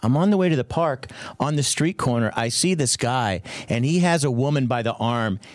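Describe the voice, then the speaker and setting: Animated middle-aged man telling a story. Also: mid-range voice, moderate pace, no echo. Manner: excitable, acts out quotes in raised voice. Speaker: radio show co-host.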